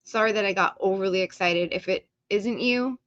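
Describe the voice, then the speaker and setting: Excitable, bright-voiced woman streamer. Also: mid-range voice, moderate pace, dry recording, dull audio. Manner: excitable, talks straight to her chat viewers. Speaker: live stream host. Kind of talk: casual live-stream chat.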